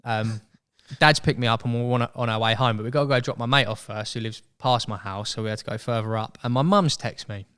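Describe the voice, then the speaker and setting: A young man telling a story as a podcast guest in casual chat, animated and acting out voices. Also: medium pitch, brisk, hardly any pauses, clean tone. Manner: chatty, animated, acts out quoted voices.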